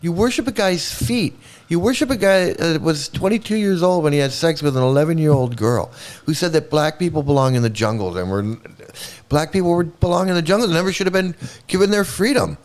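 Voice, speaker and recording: A man hosts a livestream of profane ranting commentary, his voice a little high and brisk. He's angry and sarcastic, swearing heavily throughout.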